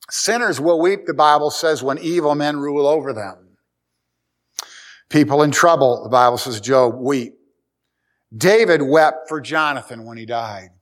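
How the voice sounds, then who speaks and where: A middle-aged man preaching a sermon, folksy and storytelling, swinging between loud and quiet. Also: mid-range voice. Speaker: pastor.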